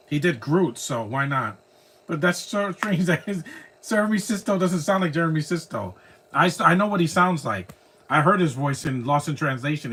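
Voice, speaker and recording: A man's voice: on the high side, a bit bright, breathy edge. A man live streaming, chatting casually through a movie reaction, rambling and laughing at his own jokes.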